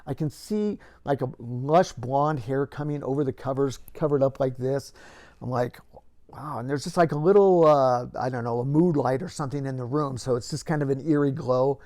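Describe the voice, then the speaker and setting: An older man, a retired police officer, tells a story from his career to the camera and builds lively moments into it. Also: mid-range voice, moderate pace.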